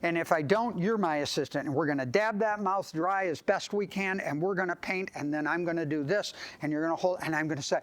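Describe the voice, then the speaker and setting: A man, a dentist, giving a live clinical lecture and demonstration, acting out scenes with sudden excited voices. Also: fairly quick, hardly any pauses, rough recording. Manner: animated, acts out scenes and jumps into high excited voices. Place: clinic meeting room with live audience.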